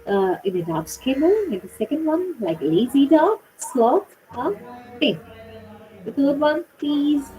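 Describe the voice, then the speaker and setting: A woman's voice: high voice, lively intonation, unhurried, mellow, low-quality recording. A woman teaching an English class with an Indian English accent, chatty and encouraging, laughing often.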